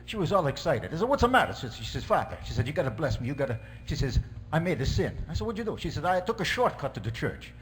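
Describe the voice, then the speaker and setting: A man's voice: a little high, very animated, fast, hardly any pauses, slight background noise, voice pushed down. A man playing a joking Italian priest with a put-on Italian accent and broken English, telling jokes in a comedy sketch. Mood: jovial. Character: joking middle-aged male Italian priest. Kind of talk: stand-up character sketch.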